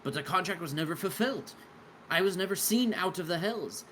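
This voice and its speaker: A man's voice: high voice, animated, a little fast, a bit bright, slight background noise, voice pushed up. A man voicing an aggrieved male devil who insists his contract was broken, with a put-on Southern US accent. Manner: insistent, formal complaint.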